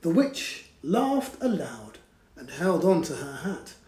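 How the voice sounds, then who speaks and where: A man reads a bedtime picture book slowly and expressively, his pitch leaping around as he hushes to whispers and asks children to join in. The room has a noticeable echo. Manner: animated, drops to whispers, invites children to join in. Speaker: children's storyteller. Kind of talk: read-aloud storytime for children.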